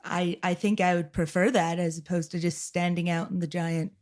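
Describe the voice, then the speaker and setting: A woman playing a character in a tabletop role-playing game, speaking in a dry, deadpan way. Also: lowish voice, normal speed. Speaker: player. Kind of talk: casual in-character play.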